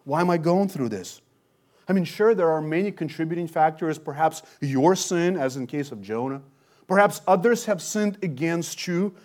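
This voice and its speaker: A man preaching an expository sermon. He talks earnestly, rising loud on key points and dropping low and quiet after them. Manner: earnest, swells loud then drops low for emphasis. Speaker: pastor.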